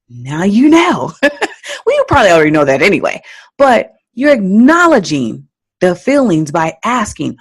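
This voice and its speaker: A woman hosting a parenting podcast, giving advice in an animated, teacherly way and laughing at her own stories. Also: mid-range voice, a little slow, slightly rough. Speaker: parenting coach and podcast host. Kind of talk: solo podcast advice talk.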